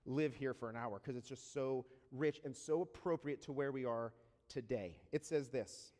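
A man preaching a sermon in a conversational way, often checking in with rhetorical questions and slowing down to read scripture deliberately. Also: mid-range voice, a little mellow. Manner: reads scripture slowly and deliberately. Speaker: pastor. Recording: long reverb of a large hall.

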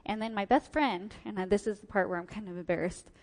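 A woman speaks to an audience at a mid-range pitch, telling a personal story. She acts out what people said to her. Her voice carries a long hall reverb. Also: a little fast.

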